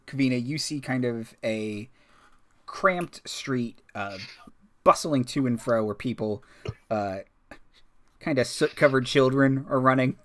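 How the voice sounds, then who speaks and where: A man running a tabletop game as dungeon master, narrating hesitantly with many pauses and fillers. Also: medium pitch, fairly bright tone. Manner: hesitant, many ums and uhs, laughs often.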